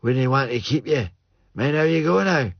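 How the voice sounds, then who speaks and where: A man's voice: mid-range voice, expressive, normal speed, vocal fry, no room sound, lo-fi sound, voice pushed up. A man voicing a homely old Scottish countryman in broad dialect. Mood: friendly. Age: over 60.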